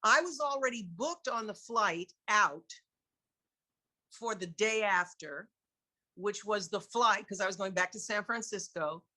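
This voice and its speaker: A woman with a New York accent talks as an interview guest, candid and lively. Her voice is bright and ringing. She laughs often as she tells her stories. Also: medium pitch, a little slow. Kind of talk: casual storytelling in an interview.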